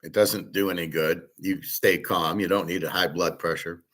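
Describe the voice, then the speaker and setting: A man's voice: sits low, fairly even intonation, normal speed, fairly bright tone. A middle-aged man hosting his own show, talking in a loose, digressive monologue full of restarts and filler words. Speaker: host. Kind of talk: rambling casual monologue.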